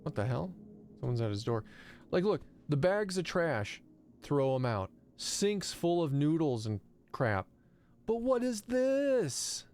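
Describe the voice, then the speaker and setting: A man's voice: mid-range voice, expressive, a little slow, darkish tone, faint music behind. A man streaming a horror game live, chatting and mocking the player character with casual swearing. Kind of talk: live gameplay commentary.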